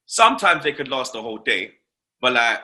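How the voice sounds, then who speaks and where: A young man with a London accent hosting a casual chat, telling stories in a slangy, swearing, animated way and tagging lines with fillers. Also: mid-range voice, brisk. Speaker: host.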